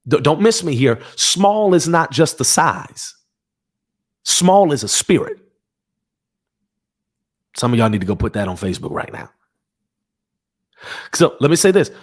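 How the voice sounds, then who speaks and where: Fervent preacher man, home livestream. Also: medium pitch. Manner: fervent, call-and-response preaching with repeated phrases. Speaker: pastor. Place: home office.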